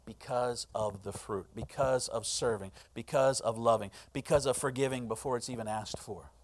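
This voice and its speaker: In this sermon, a middle-aged male pastor keeps a moderate pace and medium pitch. He moves back and forth between hushed, heartfelt lines and loud, impassioned ones.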